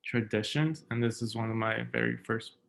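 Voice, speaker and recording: A young man from the United States giving a spoken word poetry reading, with quiet, hesitant asides between poems. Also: mid-range voice, moderate pace, creaky, a little hiss or hum, low-quality recording. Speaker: poet.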